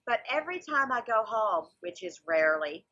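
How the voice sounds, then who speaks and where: A woman's voice: mid-range voice, very animated, moderate pace, bright, forceful tone, highs cut off. A woman in her forties with a Southern US accent, chatting animatedly on a comedy podcast. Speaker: comedian guest. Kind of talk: casual podcast chat.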